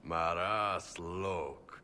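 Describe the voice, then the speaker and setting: An actor playing a big, boisterous male warrior mercenary in a video game, speaking in a gruff, hearty way. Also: low voice, extremely slow, pushed and bright, in a large hall, exaggerated voice. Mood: amused.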